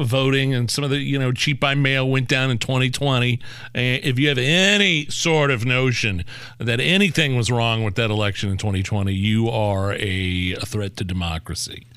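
A man's voice: mid-range voice, moderate pace, bright, forceful tone, clear, resonant tone, dry recording. A man co-hosting political commentary, talking in an emphatic, rallying way. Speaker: co-host.

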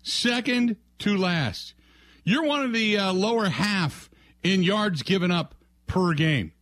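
A man's voice: high-pitched, expressive, measured pace, fairly bright tone, dry recording. A man from the hosting a sports radio show, ranting in a mocking, exasperated way and acting out silly scenes. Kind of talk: ranting sports talk with comic bits.

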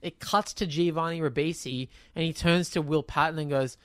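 A man co-hosting a casual film podcast, animated and profane, laughing often as he talks. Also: fairly high pitch, moderate pace, no echo, studio quality. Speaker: podcast co-host.

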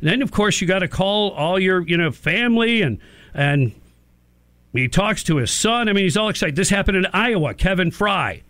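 A man's voice: sits high, moderate pace, no room sound. A man hosting a morning talk radio show, telling stories and cracking jokes in casual banter. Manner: jokey, wisecracking, animated storyteller.

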